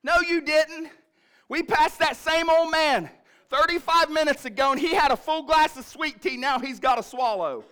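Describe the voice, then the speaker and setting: Nagging mother figure, high and sharp, voiced by a male preacher in a sermon story. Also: moderate pace. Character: exasperated mother scolding her lost husband.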